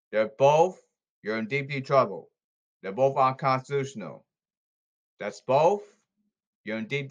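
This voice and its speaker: A man hosting a solo podcast, talking in a rambling, repetitive and emphatic way with halting stop-start phrases. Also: medium pitch, fairly bright tone, dull audio. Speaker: podcast host.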